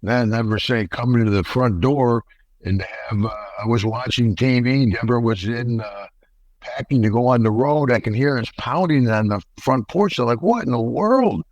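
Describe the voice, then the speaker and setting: An older American man, a retired wrestler, telling a story in a folksy, animated way and acting out the quotes. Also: medium pitch, moderate pace, dry recording, lo-fi sound. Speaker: podcast guest, retired wrestler. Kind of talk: casual storytelling interview.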